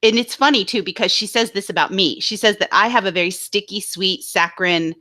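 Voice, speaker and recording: Bright-voiced indignant woman co-host. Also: mid-range voice, brisk. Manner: animated, indignant storytelling with mocking impressions. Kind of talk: casual live-stream chat.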